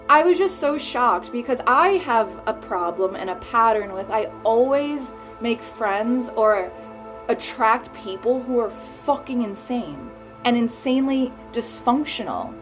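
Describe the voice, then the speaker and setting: A woman's voice: fairly high pitch, measured pace, faint music behind. Heated, swearing woman telling a story. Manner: heated, swearing, animated retelling. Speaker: vlogger. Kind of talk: casual storytime rant.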